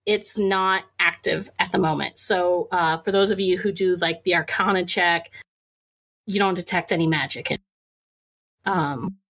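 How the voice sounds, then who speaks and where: A woman's voice: lowish voice, steady tone, moderate pace, fairly bright tone. A woman running a tabletop game as game master, narrating loosely with lots of fillers and frequent giggles.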